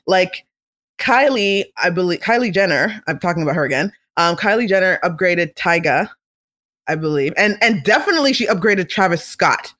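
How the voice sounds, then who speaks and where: Chatty vlogger dishing celeb gossip, opinionated, kinda playful, medium pitch. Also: a bit bright. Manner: chatty, opinionated, slips into comic impressions. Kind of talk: casual celebrity gossip monologue.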